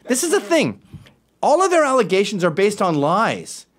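Sarcastic man ranting with lively pitch. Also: moderate pace. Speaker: host. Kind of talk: opinion commentary.

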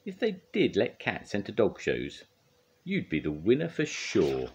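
Grandad voicing an eager little digger machine. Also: male voice, lowish voice, measured pace, a little hiss or hum, voice pushed up, heavily acted. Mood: pleased. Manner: excited, calling out.

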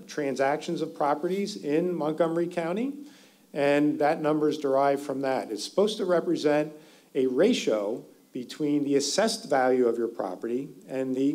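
A man presenting school district finance figures at a public community forum, in a steady explanatory way that stresses key words. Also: on the high side. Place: school meeting hall.

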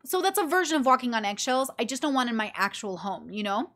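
A woman's voice: on the high side, expressive, fast, a bit bright. A tired woman hosting her own podcast, talking casually and animatedly, acting out friends and swearing freely. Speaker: podcast host.

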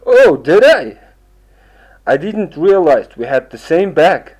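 A man's voice: on the high side, very animated, slow, darkish tone, heavily acted, low-quality recording. A man playing a friendly young traveler. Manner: casual, apologetic. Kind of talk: textbook audio dialogue.

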